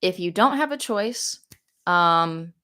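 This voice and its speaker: A woman's voice: fairly low pitch, animated, takes it slowly, pushed and bright. A young woman hosting a casual live Q&A from her phone, gushing with thanks and rambling as she answers questions. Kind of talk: casual livestream chat. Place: home, living in South Korea.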